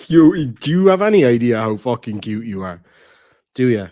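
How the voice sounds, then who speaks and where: A man with an Irish accent chats on a casual stream in a mid-pitched voice. He swears freely and slips into soft baby talk with his dog. The sound is dry and close. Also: very animated, unhurried, no echo. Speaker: channel host. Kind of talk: casual livestream chat.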